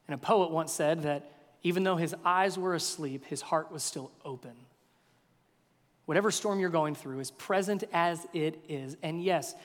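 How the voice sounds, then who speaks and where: A male pastor preaching a sermon, swinging from hushed questions to loud, energetic passages. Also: sits high. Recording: long reverb of a large hall.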